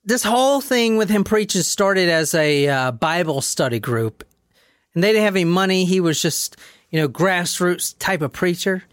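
A man's voice: high voice, lively intonation, normal speed, a bit bright, clear, resonant tone, no room sound. Dry-voiced man telling a story. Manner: dramatic, wry, reads quotes aloud. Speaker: podcast host telling a true-crime story. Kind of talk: casual storytelling chat.

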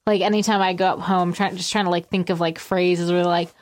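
A woman's voice: fairly low pitch, flat delivery, brisk. A woman with a Boston accent, co-hosting a casual chat in a teasing, chatty way. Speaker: podcast co-host.

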